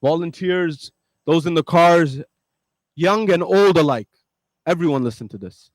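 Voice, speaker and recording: A man's voice: a little high, a little slow, pauses often, no echo, poor audio. A man preaching to a gathering, telling a story with emphatic, repetitive phrasing and speaking directly to his listeners. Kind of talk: storytelling sermon.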